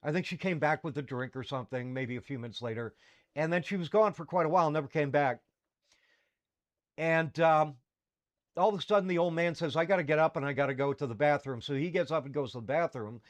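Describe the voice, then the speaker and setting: A man's voice: a little high, fairly quick. A middle-aged man, hosting a talk show and telling a personal story in a candid, rambling way with fillers and restarts. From Canada. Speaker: podcast host.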